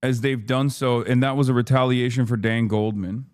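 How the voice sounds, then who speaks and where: A man in the middle of a heated political rant on a live stream, his voice pitched right in the normal range. He swears often and sounds openly exasperated, and he races through news text when he reads it aloud. The sound is dry and close, with hardly any room around it. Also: steady tone, moderate pace, darkish tone, smooth, no echo. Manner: profane, exasperated ranting.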